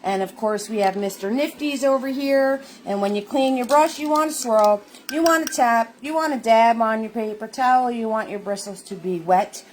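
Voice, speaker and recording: High-voiced chatty woman hosting a paint class. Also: normal speed, hardly any pauses, slight background noise. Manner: chatty and upbeat, calls viewers sweetheart. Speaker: paint party host. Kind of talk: live online painting class chat.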